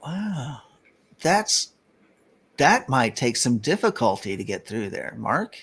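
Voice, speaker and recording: A man's voice: mid-range voice, very animated, slow, fairly bright tone, husky. An older man hosting a casual talk show, rambling in a jokey way and reading out one-liners. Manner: jokey, rambling, telling jokes. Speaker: show host.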